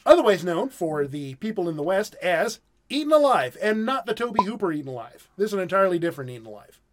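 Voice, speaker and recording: A man's voice: high-pitched, sing-song, fast talker. A man hosting a casual podcast chat that reviews films in a wry, self-deprecating way. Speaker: podcast host.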